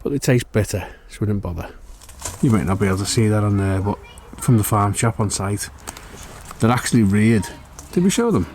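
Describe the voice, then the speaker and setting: A man's voice: on the low side, lively intonation, a little fast, a little mellow, a little hiss or hum. A man vlogging from a camper van, chatting casually and joking about himself in a dry way. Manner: dry, self-mocking jokes. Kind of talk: casual chat.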